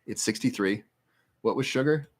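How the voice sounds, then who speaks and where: A man's voice: medium pitch, moderate pace. A man hosting a casual livestream Q&A, reading viewer questions aloud and explaining health research in a rambling, conversational way.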